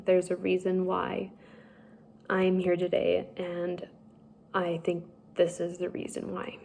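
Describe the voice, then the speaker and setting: A young woman slowly telling a personal story, halting and emotional at times. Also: lowish voice, completely flat delivery, creaky, darkish tone, a little hiss or hum. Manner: slow, halting, tearful at times. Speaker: speaker sharing a personal story.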